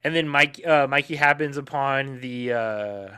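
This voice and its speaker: A man co-hosting a podcast, chatting casually about a film and chiming in eagerly, with halting fillers. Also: mid-range voice, pushed and bright, clean tone, no room sound, studio quality. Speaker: podcast co-host.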